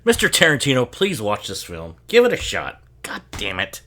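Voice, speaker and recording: A man's voice: medium pitch, wildly swooping pitch, moderate pace, sharp tone. A man giving casual, laughing commentary while watching a movie, swearing freely and rambling as he drinks bourbon. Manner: profane, laughing often, rambling.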